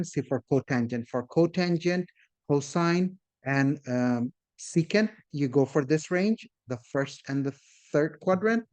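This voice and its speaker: A man's voice: on the high side, a little mellow. A man teaching a math class, explaining step by step and often checking in with his students. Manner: addresses the class as "guys", invites questions. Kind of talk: classroom lecture.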